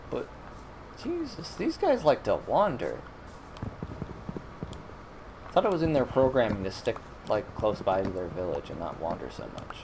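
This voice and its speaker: A man's voice: low voice, creaky, noisy background. A man streaming a video game, rambling in casual commentary with frequent self-corrections and mild exasperation. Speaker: gaming streamer.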